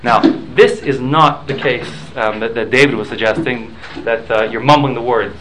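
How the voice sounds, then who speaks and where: A man's voice: mid-range voice, steady tone, moderate pace, heavy background noise. A man teaching a Talmud class, explaining rules with examples and often repeating and restarting his words.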